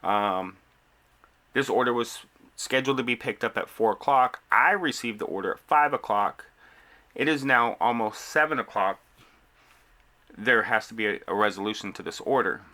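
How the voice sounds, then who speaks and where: A man's voice: mid-range voice, normal speed, sharp tone. A man in a casual venting vlog, frustrated, retelling a long back-and-forth with customer service and store staff. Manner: frustrated, retelling conversations with quoted exchanges. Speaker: delivery driver venting to camera.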